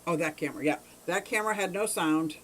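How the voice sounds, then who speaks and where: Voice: medium pitch, fast talker, fairly bright tone, slight background noise, low-quality recording. Chatty fishkeeping livestream host at home. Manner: chatty, rambling, greets viewers by name. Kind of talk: casual livestream chat. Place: home room beside fish tanks. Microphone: camera mic on a short cable.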